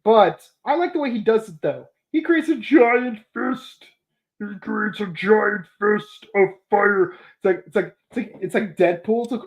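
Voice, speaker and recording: Young woman chatting on a review podcast, keeps cracking up, bounces between excited and mumbly. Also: medium pitch, measured pace. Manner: animated, laughs often, acts out quoted lines. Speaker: podcast host. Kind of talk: casual episode review.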